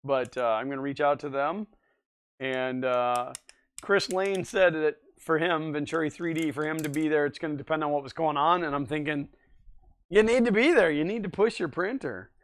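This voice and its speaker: A man with a fairly high, smooth, resonant voice hosts a relaxed livestream. He chats loosely and rambles, stopping often to respond to viewers in the chat. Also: moderate pace. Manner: rambling, chatty, answers viewer comments. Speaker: livestream host.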